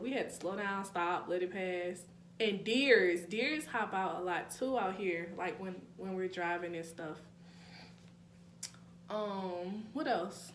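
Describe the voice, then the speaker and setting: A woman's voice: medium pitch, unhurried, fairly bright tone. Chatty young woman with a New Orleans accent. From New Orleans, Louisiana. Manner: chatty, laughing asides, addresses viewers as y'all. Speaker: YouTuber. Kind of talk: casual vlog chat. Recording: echoey room with faint hum.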